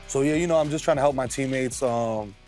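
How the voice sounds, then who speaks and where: A man's voice: darkish tone, soft background music, lightly acted. A man doing a smug conspiracy-theorist ballplayer. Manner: mock-lofty, deliberately lowering his voice to sound smart. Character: smug, conspiracy-minded male pro basketball star. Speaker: comedy show host. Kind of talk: comedy sketch impression.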